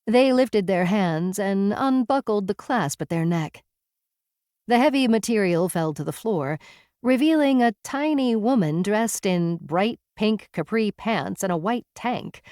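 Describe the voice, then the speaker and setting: A woman's voice: mid-range voice, animated, measured pace, mellow, no echo, studio quality. A woman narrating a first-person novel in a wry, conversational manner. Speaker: audiobook narrator.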